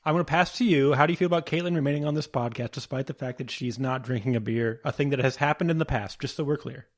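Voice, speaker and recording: A man's voice: mid-range voice, quick pace. A man hosting a podcast from home, chatting in a playful, joking way. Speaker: podcast host. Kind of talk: casual chat.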